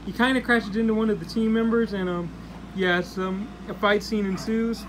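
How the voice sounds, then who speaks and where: A man's voice: high-pitched, steady tone, normal speed, noisy background. A man casually reviewing a comic book, rambling loosely and filling his talk with "you know" and "like". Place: indoors. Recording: echoey room.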